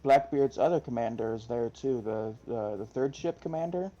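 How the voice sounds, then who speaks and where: Mellow man on a dull lo-fi mic. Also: mid-range voice, moderate pace, faint music behind. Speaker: podcast co-host. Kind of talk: casual chat, recapping a comic. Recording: dull lo-fi sound.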